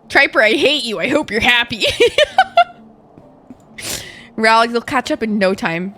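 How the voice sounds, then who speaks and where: A woman streaming a game live, excitable and giggly, swearing freely as she chats. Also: on the high side, slow pace, long pauses, soft background music.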